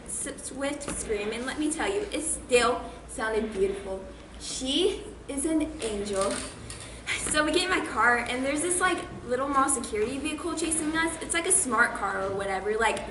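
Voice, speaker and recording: Actress as a high-voiced, giddy stage-play girl, cheerfully unhinged, roomy echo. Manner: gushing, giggly, breezy about violence. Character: bubbly, unhinged young woman with an imaginary celebrity friend. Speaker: student actor in a stage play. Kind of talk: comic stage monologue. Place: school stage or hall. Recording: roomy stage recording with noise.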